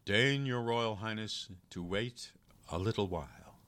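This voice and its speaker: A cunning soldier posing as a doctor, bold and grave, with a deep, low voice, which a man puts on in a folk-tale reading. He flatters and bargains without backing down. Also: a little slow.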